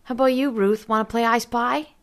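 A woman's voice: on the high side, fairly even intonation, fairly quick, voice pushed up, natural voice. A woman voicing a restless young child who whines and pleads in a raised voice. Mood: whiny. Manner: whiny, pleading.

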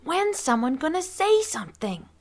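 A woman's voice: high voice, very animated, normal speed, pitched above the performer's own voice. A woman voicing a sullen young brother who answers curtly and sarcastically. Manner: curt, sarcastic.

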